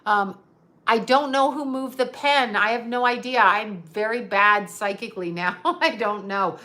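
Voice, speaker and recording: She works as a psychic medium and rambles chattily through a livestream, laughing frequently and reading viewer comments out loud as she answers. Her rather high voice moves at a measured pace and comes across pushed and bright.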